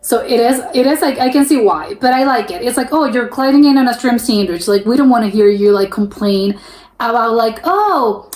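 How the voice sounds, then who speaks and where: A woman's voice: on the high side, animated, a little fast, a little mellow, roomy sound. A young woman from the United States hosts a reaction video, thinking aloud in casual commentary with many fillers and restarts. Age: young adult.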